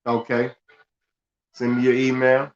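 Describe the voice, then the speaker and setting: Male host, casual and rambling, repeats himself, middle pitch, muffled lo-fi recording. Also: completely flat delivery, unhurried. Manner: loose and conversational, stumbles and repeats words, laughs at himself. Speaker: finance channel host. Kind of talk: casual livestream talk reading news aloud.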